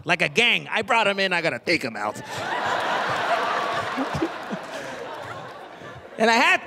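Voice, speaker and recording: A man doing a stand-up comedy set on a theater stage, telling stories with lively voices for his relatives and teachers. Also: sits high. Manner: animated storytelling, acting out relatives and teachers. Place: theater stage before a live audience. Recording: live theater audience and noise.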